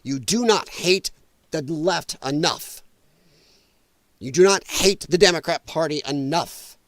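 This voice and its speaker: Profane ranting man, high voice. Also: slow, dry recording. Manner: profane, emphatic, exasperated. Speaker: podcast host. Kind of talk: heated political rant.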